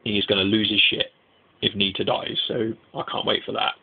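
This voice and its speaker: A young man giving a casual, rambling anime review, excitable and swearing freely. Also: fairly low pitch, a little fast, vocal fry, slightly rough. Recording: tinny lo-fi mic.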